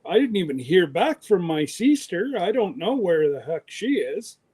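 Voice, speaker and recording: High-voiced man, chatty host. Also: very animated, darkish tone, breathy edge. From Canada. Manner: chatty, teasing, quick bursts. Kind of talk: casual livestream chat.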